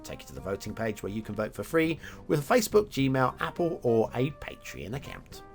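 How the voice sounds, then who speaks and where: A man's voice: mid-range voice, huge pitch swings, a little fast, soft background music. A man hosting a game map review show, chatting enthusiastically with filler words and self-corrections. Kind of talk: casual game commentary.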